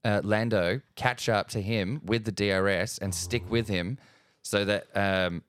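Male podcast co-host, lowish smooth voice, dry close mic, casual and animated. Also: unhurried, no room sound. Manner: animated, swears for emphasis. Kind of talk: casual sports chat.

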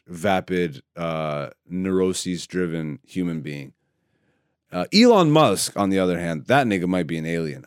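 A man's voice: mid-range voice, dry recording, studio quality. Profane rambling male podcast host. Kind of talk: solo comedic rant. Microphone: studio mic.

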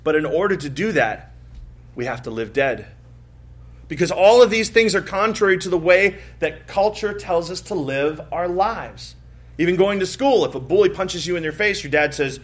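Male pastor, fairly high voice, lively sermon delivery with big swings in loudness. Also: normal speed. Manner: storytelling, swings from soft asides to emphatic rises.

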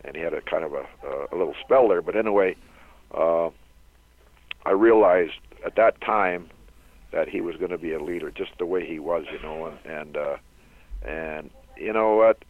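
A man's voice: deep voice, normal speed. Older Canadian man telling rambling stories over a phone line. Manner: rambling anecdotal storyteller who laughs often. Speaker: guest, former hockey player. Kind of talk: storytelling interview. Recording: tinny phone-line sound.

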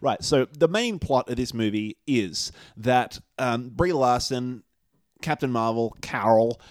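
A man's voice: mid-range voice, animated, unhurried, no room sound, studio quality. An Australian man co-hosting a casual movie chat, joking and laughing often while he teases his friend. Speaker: podcast co-host.

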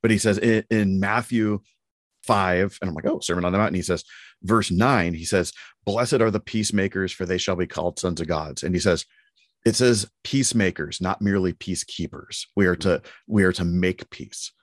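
A man co-hosting a podcast, telling stories in an animated, affirming way in casual discussion. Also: low voice, moderate pace, no echo, clean studio sound. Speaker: podcast co-host.

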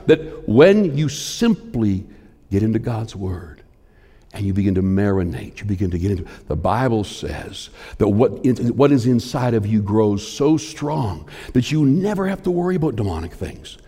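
Guy preaching a sermon in a big echoey hall, builds up with repeated lines then goes almost whisper quiet. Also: on the low side, very animated, normal speed, breathy edge. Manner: swings between forceful emphasis and hushed near-whispers; repetitive, building preaching cadence. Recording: long hall reverb.

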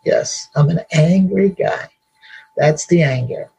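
A man's voice: on the high side, slow pace, vocal fry, dark tone, slight background noise, rough recording. A man giving a share at a recovery meeting, blunt and emphatic, repeating his points and laughing at himself. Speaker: meeting member sharing.

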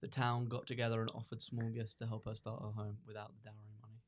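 A man chiming in on a podcast chat with dry, deadpan quips. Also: fairly low pitch, fast talker, background noise. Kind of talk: casual chat.

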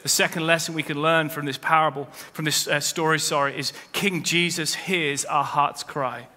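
A man's voice: on the high side, fairly even intonation, moderate pace, pushed and bright. A man preaching a sermon as pastor, with rising emphasis as he quotes scripture. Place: church. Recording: long hall reverb.

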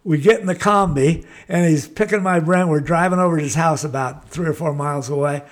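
Older man, American, casual storytelling, salty and rambling, slightly raised pitch. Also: a little fast. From United States. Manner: rambling, salty, laid-back raconteur. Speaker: guest.

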